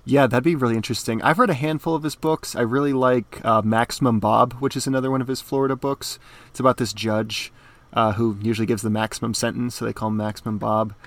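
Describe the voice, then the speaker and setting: A man co-hosting a podcast, talking in an easygoing, measured way in casual chat. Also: mid-range voice, fairly even intonation, a bit bright, no echo. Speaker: podcast co-host.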